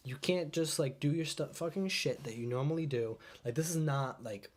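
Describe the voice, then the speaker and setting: A man's voice: a little high, normal speed. A man hosting a podcast, recapping an episode in casual, rambling chat, full of fillers and freely swearing. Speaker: podcast host.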